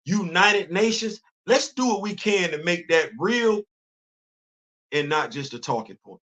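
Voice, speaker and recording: Fervent middle-aged man, raised pitch. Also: expressive, unhurried, fairly bright tone. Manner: fervent, preachy, colloquial, answers live chat. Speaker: livestream host. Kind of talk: impassioned livestream commentary.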